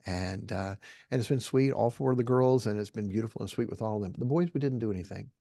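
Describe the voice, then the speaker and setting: A man's voice: lowish voice, fast, gravelly, warm tone, no echo, studio quality. A middle-aged man giving an earnest, folksy Christian talk to a live audience, often checking in with "okay?". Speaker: Christian speaker.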